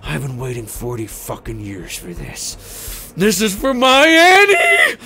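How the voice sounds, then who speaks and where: A man doing a gruff old ex-sheriff. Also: high voice, sing-song, slow, full character voice. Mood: shouting. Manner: shouting and cursing. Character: eighty-year-old man, a former sheriff, gruff and vengeful.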